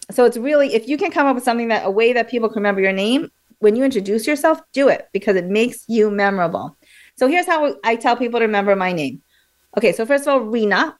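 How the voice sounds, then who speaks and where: A woman guest on a radio interview, explaining memory techniques in a lively, animated way with frequent fillers and restarts. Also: a little high.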